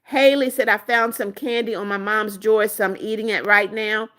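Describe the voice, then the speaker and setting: A woman's voice: medium pitch, steady tone, moderate pace, pushed and bright. Friendly woman hosting a live chat. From United States. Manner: friendly, reads chat messages then answers them. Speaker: livestream host. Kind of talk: casual live chat, reading comments aloud.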